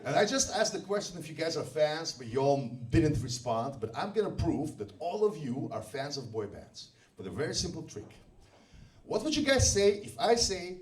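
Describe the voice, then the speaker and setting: A man with a Russian accent performing a stand-up comedy set on a club stage, deadpan and animated. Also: a little high, moderate pace, recorded from a distance. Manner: deadpan, animated delivery with sung bits.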